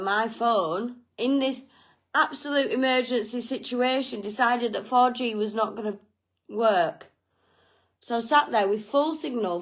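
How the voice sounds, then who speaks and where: Frank woman telling a story. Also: medium pitch. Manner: frank, swearing, self-mocking. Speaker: vlogger. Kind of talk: casual storytelling.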